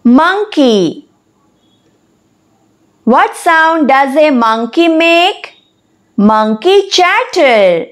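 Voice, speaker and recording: A woman narrating a children's lesson, speaking slowly and deliberately and spelling words out letter by letter. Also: sits high, very animated. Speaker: teacher.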